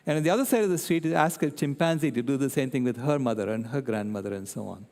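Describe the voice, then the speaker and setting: A man's voice: mid-range voice, quick pace, gravelly. Older man telling a story in a hall. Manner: animated storyteller, checks in with "right?" and "okay?". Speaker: guest speaker. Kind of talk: public talk with storytelling. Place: convention centre hall. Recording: long reverb in a large hall.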